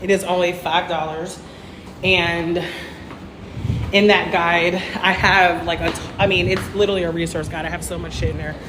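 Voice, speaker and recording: A woman's voice: lowish voice, level tone, normal speed. Chatty woman livestreaming on a noisy phone. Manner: chatty, addresses viewers as y'all, swears casually. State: out of breath. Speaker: travel livestream host. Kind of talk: casual livestream chat while walking.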